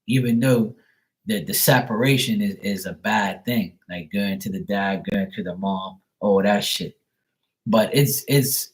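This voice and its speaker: A man, rambling bluntly and profanely in a casual live-stream talk. He restarts his sentences often and acts out quick quotes from kids and fathers. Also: medium pitch, poor audio. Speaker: tarot reader on a livestream.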